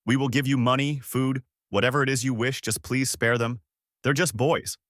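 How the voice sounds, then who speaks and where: A man voicing an older village mayor who begs slowly for the boys' lives in a fan story reading. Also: mid-range voice, fairly even intonation, a bit bright, no room sound, studio quality, natural voice. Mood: pleading. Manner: slow, begging.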